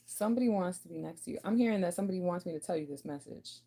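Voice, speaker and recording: A woman's voice: fairly low pitch, very fast, gravelly, dark tone, husky. A woman giving a casual channelled reading to the viewer, chatty and giggly, with loose slangy talk. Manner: spoken to the viewer as "you". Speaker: intuitive card reader.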